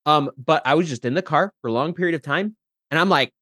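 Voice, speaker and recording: A man guest in a casual podcast chat, animated and jumping in and out of character voices. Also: fairly high pitch, fast talker, dry recording, studio quality. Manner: animated, slips into character voices mid-sentence.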